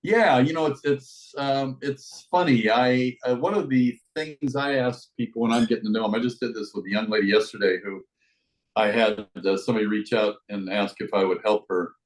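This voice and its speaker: A middle-aged man with an American accent talks at length as a podcast guest, reflective and expansive in the way he tells his story. His voice sits at an ordinary pitch for a man, with nothing unusual in its tone. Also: normal speed, poor audio. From United States. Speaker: life coach, podcast guest. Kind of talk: conversational podcast interview.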